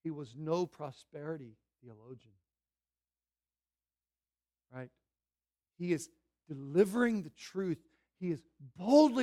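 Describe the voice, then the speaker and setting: A man preaching a sermon, pressing his points with slow, loud declarations and then dropping to quiet, low asides. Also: lively intonation. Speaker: pastor.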